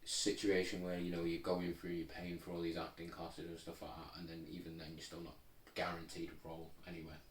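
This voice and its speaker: A man's voice: low-pitched, monotone, a little fast. A young man co-hosting a podcast in a laid-back, rambling chat full of fillers. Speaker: podcast co-host. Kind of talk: casual chat. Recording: roomy, distant mic, faint noise.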